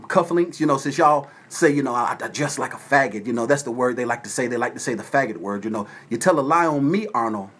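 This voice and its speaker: A man from Atlanta, Georgia, hosting a casual livestream from his phone at home and shouting out viewers by name. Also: mid-range voice. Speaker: livestream host. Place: at home with windows open.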